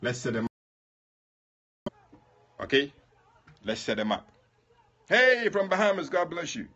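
A man's voice: a little high, sing-song, a little slow, pushed and bright, lo-fi sound. A man leading a prayer livestream, chatting casually and addressing viewers by name.

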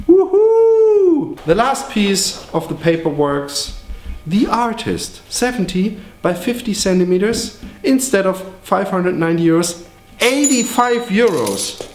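A man pitching his own paintings in a joking, exaggerated, profane way, in an echoey room. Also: slight background noise.

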